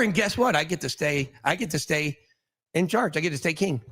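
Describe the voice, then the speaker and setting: Rambling higher-voiced man hosting. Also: expressive, a little fast, fairly bright tone. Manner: rambling, many restarts and fillers. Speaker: host. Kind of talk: casual speculative talk.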